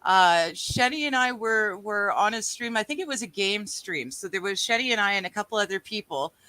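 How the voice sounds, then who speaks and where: A woman's voice: medium pitch, expressive, brisk, pushed and bright, poor audio. A woman co-hosting a casual livestream, laughing easily and chiming in with short agreements. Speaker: livestream co-host. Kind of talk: casual chat.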